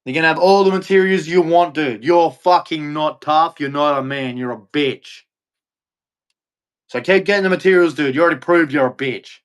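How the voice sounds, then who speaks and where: A man with an Australian accent rants to the camera in a bitter, profane monologue. He circles back over the same complaints and curses freely. His voice sits a little higher than most men's. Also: normal speed. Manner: bitter, profane, repeats himself. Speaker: vlogger. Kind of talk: angry ranting monologue.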